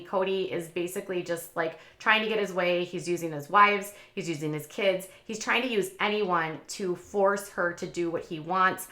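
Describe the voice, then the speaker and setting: A woman's voice: fairly low pitch, bright, forceful tone, reverberant. A woman hosting a casual commentary channel, talking in a chatty, opinionated way with lots of fillers.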